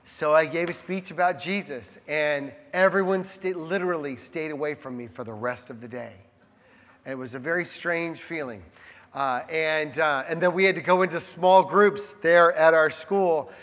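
A man's voice: sits high, fairly bright tone, in a large hall. A man preaching a sermon in an earnest way, repeating key phrases for emphasis. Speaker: pastor.

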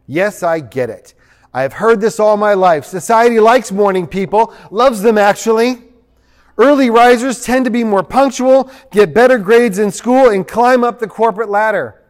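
A man preaching a sermon as pastor, chatty and joking, reading passages aloud. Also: high voice. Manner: conversational and joking, reads quotes aloud. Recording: long hall reverb.

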